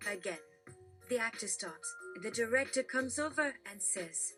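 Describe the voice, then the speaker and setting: A woman reading generated jokes aloud on a live stream in an animated storytelling manner. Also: fairly high pitch, normal speed, soft background music.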